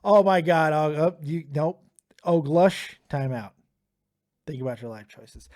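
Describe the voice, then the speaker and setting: A man's voice: on the high side, fairly even intonation, unhurried, darkish tone. Profane ranting male streamer. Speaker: streamer host taking live callers. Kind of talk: profane live-stream rant.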